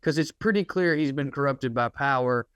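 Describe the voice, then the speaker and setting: A man's voice: medium pitch, moderate pace, fairly bright tone, clean tone, no room sound. A man co-hosting a casual comedy podcast, ranting in a sardonic, rambling way. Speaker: podcast co-host.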